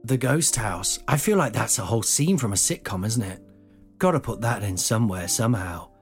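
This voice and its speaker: A man's voice: on the low side, normal speed, soft background music. A man in his forties casually telling a funny personal story as podcast host, swearing and acting out the voices. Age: 40s. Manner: lively, swears, acts out voices.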